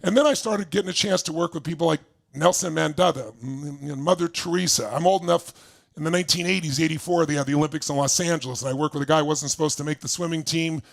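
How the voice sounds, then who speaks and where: An older man telling a story as a motivational speaker, animated and laughing as he asks the audience questions. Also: fairly high pitch, fast, creaky. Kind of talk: storytelling seminar talk.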